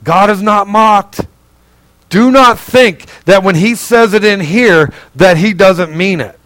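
In this sermon, a man preaching as pastor talks earnestly and conversationally, questioning his listeners directly and alternating between loud, emphatic stretches and soft, low asides. He speaks slowly, and the audio is poor and dry.

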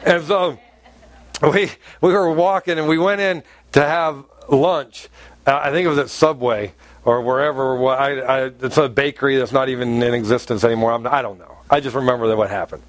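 A man preaching a sermon as pastor, animated and storytelling, laughing often. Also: mid-range voice, normal speed, no echo.

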